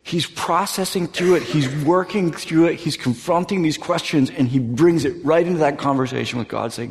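Male pastor, 30s, slightly high voice, earnest sermon delivery with hushed quiet passages, long hall reverb. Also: moderate pace, creaky, few pauses. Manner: earnest, dropping to soft near-whispers for tender moments.

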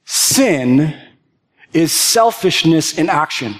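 A man's voice: a little high, lively intonation, normal speed. A young adult man preaching a sermon as pastor, earnest, often repeating words and restarting phrases as he builds to impassioned emphasis.

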